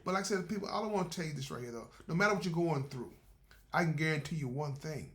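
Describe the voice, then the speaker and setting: A man's voice: on the high side, animated, fast, fairly bright tone. A man giving a faith-based motivational talk in a conversational, repetitive, preacherly way. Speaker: motivational speaker.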